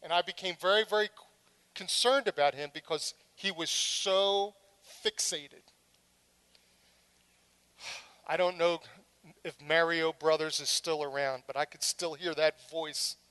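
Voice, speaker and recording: A woman's voice: low-pitched, a little slow, long pauses, a bit bright, clear, resonant tone. A middle-aged woman preaching a sermon, telling stories dramatically and slipping in humorous asides.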